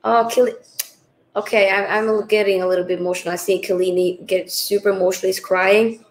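A woman's voice: medium pitch, level tone, a little fast, poor audio. A woman hosting a live football watchalong, chatting casually and reading out viewer comments, tired after a long stream. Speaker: livestream host.

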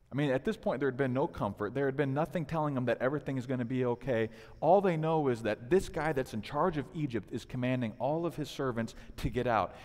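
A man in his thirties, a pastor preaching a sermon, animated and acting out the people in the story. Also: mid-range voice, long reverb tail. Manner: animated preaching, voices the figures in quotes. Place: church sanctuary.

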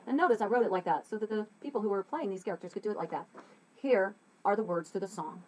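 A woman's voice: medium pitch, brisk, a little mellow, slight background noise, rough recording. A middle-aged woman teaching scriptwriting in a casual, chatty lecture, playful and informal.

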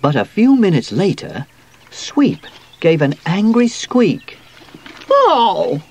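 A man reading a children's storybook aloud, with a slow, expressive delivery. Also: sits high, breathy edge. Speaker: audiobook narrator.

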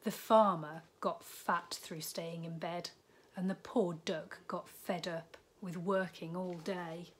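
Gentle, unhurried woman teacher at storytime. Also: on the low side, steady tone, a little hiss or hum. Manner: gentle, unhurried, with asides to the children. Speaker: primary school teacher. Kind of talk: reading a picture book aloud to young children.

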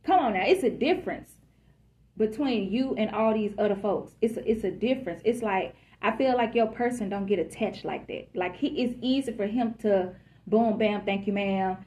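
A woman's voice: mid-range voice, normal speed, mellow. A woman giving a casual collective love reading, chatty and emphatic, who calls her listeners y'all and baby. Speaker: tarot reader.

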